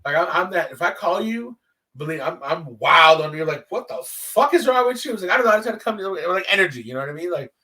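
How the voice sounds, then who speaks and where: A man's voice: fairly high pitch, fast, recorded from a distance. A man hosting his own podcast, telling stories in casual, profane talk and acting out the lines of people he met. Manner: animated, profane, acts out quoted dialogue. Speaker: podcast host. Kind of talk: casual solo storytelling.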